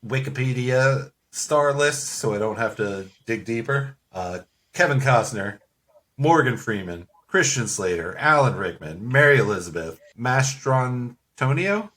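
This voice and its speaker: A man's voice: fairly low pitch, animated, measured pace, fairly bright tone. A man hosting a casual movie podcast, playful and leading the segments. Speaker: podcast host. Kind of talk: casual chat.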